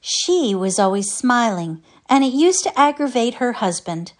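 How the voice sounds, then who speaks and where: A dreamy young girl storyteller from a storybook, spinning a tale with relish, as a woman reads her. The telling is animated, with pitch climbing and dropping a great deal. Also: unhurried. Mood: storytelling.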